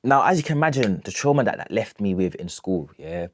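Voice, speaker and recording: A man's voice: on the low side, sing-song, fairly quick, slight background noise. A young man telling a storytime rant, emphatic, checking in with "yeah?" after nearly every phrase. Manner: emphatic, keeps asking "yeah?". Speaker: vlogger.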